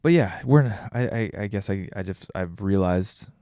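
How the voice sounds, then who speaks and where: With a low, dark, clean voice and lively intonation, a tired man speaks at normal speed while hosting a podcast on his own. He rambles through a casual reflection, thinking aloud and restarting often, in studio quality with no echo.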